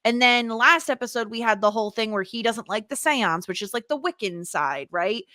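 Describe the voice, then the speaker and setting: A woman co-hosting a podcast, talking in an animated, exasperated rush with lots of fillers and casual swearing. Her voice is bright and forward, and the sound is dry and close with almost no room around it. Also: fairly high pitch, normal speed, no room sound. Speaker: podcast co-host. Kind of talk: casual chat.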